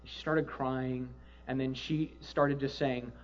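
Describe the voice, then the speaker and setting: A male pastor telling a story from the pulpit, moving from quiet, low-key retelling to loud, excited exclaiming. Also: moderate pace, muffled recording. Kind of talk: sermon with storytelling.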